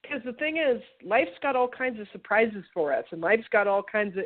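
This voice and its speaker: A woman's voice: fairly high pitch, lively intonation, normal speed. A woman co-hosting a podcast, talking reflectively and posing rhetorical questions. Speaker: podcast co-host. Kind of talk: conversational podcast talk. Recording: phone-like narrow sound.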